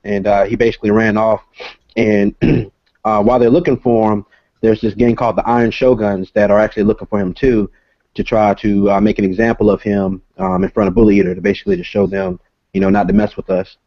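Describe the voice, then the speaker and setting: A man talks over a video call as a comic creator and guest, explaining in a casual, halting way with plenty of filler sounds. His voice sits low. The call audio is dull and lo-fi, with a dry, close sound. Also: level tone, dry recording.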